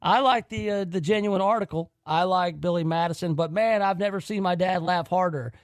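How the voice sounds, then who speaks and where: Eager talk radio host, high voice. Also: male voice, fairly quick, no room sound, clean studio sound. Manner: enthusiastic, rambling. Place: radio studio.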